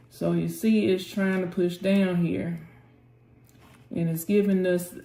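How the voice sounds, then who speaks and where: Slow, praying woman cheering on a trade. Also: fairly low pitch, mellow, roomy sound. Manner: urges the chart on aloud, calling on the Lord. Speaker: trading channel host. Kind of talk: live trading commentary.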